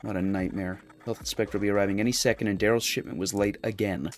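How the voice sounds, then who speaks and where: A man's voice: on the low side, steady tone, fast, soft background music, pitched below the performer's own voice, close to an everyday voice. A man voicing a fretful diner owner woman.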